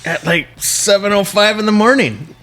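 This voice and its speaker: A man hosting a podcast, telling a story in a lively casual way, acting out what people said and dropping to a whisper for asides. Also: sits high, moderate pace. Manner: animated, acts out voices in anecdotes, whispers asides. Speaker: podcast host.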